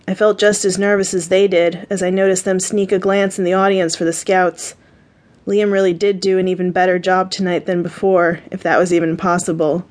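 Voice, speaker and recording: A woman's voice: on the low side, little pitch movement, brisk, a little mellow. Woman narrating a romance audiobook. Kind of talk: scripted first-person audiobook narration.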